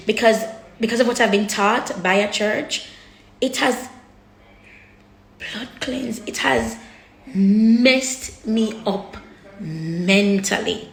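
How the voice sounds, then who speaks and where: A woman talks straight to her audience in a raw, unfiltered vlog. She is blunt and emotional and swears freely, stumbling and restarting as she works through her thoughts. Her voice sits at a middle pitch, and the sound carries a noticeable room echo. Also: slow pace. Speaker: vlogger. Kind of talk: candid personal talk to camera. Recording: echoey room.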